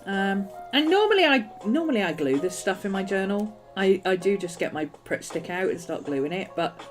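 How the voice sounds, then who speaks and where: Chatty woman, lively crafting chat. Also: medium pitch, normal speed, faint music behind. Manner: chatty, rambling, self-amused. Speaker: planner and journaling channel host.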